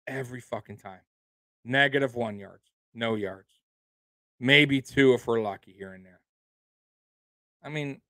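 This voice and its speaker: A man's voice: mid-range voice, fairly bright tone, no echo, clean studio sound. A man hosting a sports livestream, angrily ranting as a fan in a profane, repetitive, fired-up way. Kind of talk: angry fan rant on a livestream.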